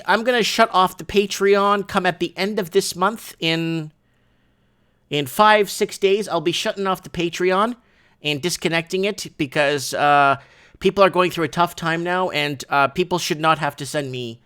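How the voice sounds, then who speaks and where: Excitable man hosting a livestream. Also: high voice, clear, resonant tone. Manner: rambling, excitable, repeats "right?" and restarts. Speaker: livestream show host. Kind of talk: casual livestream chat. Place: his shop.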